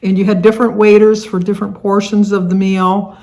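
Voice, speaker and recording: A woman's voice: medium pitch, level tone, brisk, a little mellow. An older woman from the Detroit area, United States, chatting casually to camera as a vlogger, rambling with lots of fillers and restarts. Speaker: vlogger hosting a tag video.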